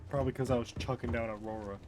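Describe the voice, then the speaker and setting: A young man casually commenting as he plays a game live, chatty and self-mocking, reacting out loud. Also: mid-range voice, steady tone, racing, very noisy. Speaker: streamer.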